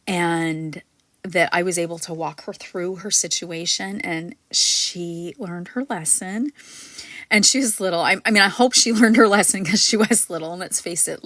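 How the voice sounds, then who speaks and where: A grandmotherly woman hosts a spiritual panel, talking in a loose, rambling way with plenty of ums and likes. Her voice sits a little low for a woman and sounds close and dry, with no room around it. Now and then she drops to a soft, breathy near-whisper. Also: dry recording. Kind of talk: casual live-stream talk.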